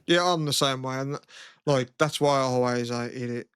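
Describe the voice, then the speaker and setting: A man's voice: normal speed, a bit bright, clean tone, no echo. A young man co-hosting a podcast, swearing casually and laughing often. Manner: sweary, laughs often, mimics others in high voice. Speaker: podcast co-host. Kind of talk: casual chat.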